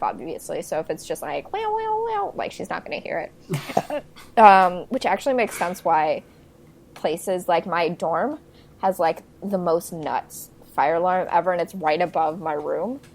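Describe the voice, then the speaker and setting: A young woman co-hosting a casual podcast, recapping a film in a chatty way, laughing and stringing thoughts together with fillers. Her voice sits a little low for a woman. A faint hiss of noise runs under the recording. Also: measured pace. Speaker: podcast co-host. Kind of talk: casual movie discussion.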